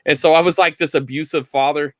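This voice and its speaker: Animated, bright-voiced man telling stories. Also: fairly quick, dry recording. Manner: animated storyteller, jumps into high voices for quotes. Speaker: guest on live vinyl chat. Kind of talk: casual anecdote on a live stream.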